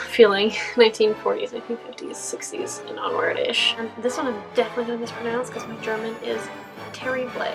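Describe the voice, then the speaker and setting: A young Californian costume vlogger answers Q&A questions in a casual vlog, rambling with plenty of fillers and laughter. Her voice is mid-range and creaky, and the audio is poor.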